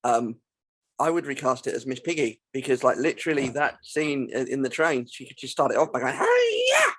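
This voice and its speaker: A man's voice: medium pitch, brisk. A man co-hosting a casual film podcast, chatty and explaining at length. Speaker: podcast co-host.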